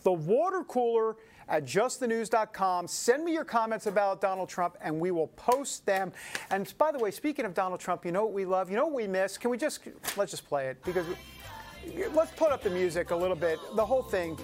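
A man's voice: high-pitched, sing-song, normal speed, faint music behind. Joking, rambling New York male host. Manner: joking, rambling, asides to the audience. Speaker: show host. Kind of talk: casual news show banter.

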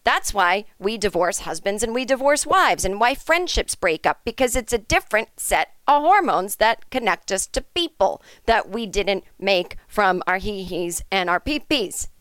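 A woman's voice: medium pitch, animated, moderate pace, few pauses, a bit bright, no room sound, clean studio sound. A woman hosting a comedic podcast, ranting in a sarcastic, indignant and profane way. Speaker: podcast host. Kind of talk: comedic rant monologue.

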